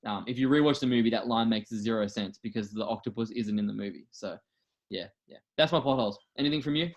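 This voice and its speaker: A man's voice: fairly low pitch, quick pace, lo-fi sound. Rambling man reviewing a movie. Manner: rambling, animated, frequent fillers and self-corrections. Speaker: podcast co-host. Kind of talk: casual film review chat.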